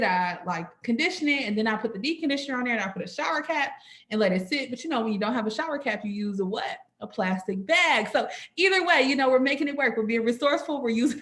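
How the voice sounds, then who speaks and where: A young woman telling a personal story to an audience at a sorority orientation, expressive, often stopping to ask "right?" and calling the listeners "y'all.". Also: on the high side. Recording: echoey room.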